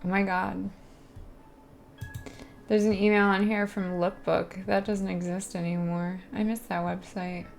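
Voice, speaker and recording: A gravelly-voiced woman chatting on stream. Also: mid-range voice, flat delivery, a little slow, pauses often, soft background music. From US East Coast. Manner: chatty, rambling, answers chat questions aloud. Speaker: live streamer. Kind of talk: casual chat with viewers.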